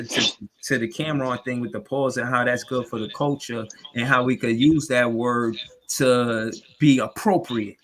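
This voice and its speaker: A man's voice: medium pitch, fairly bright tone, slight background noise. Rambling New man hosting a podcast. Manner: rambling, heavy on filler phrases. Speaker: podcast host. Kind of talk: casual sports podcast talk.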